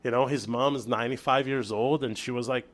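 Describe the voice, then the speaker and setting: A man from Brazil, a chef guest on an interview show, telling a story in casual chat with lively restarts and acted-out dialogue. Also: mid-range voice, a little fast. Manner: animated storyteller, acts out quoted dialogue, many restarts.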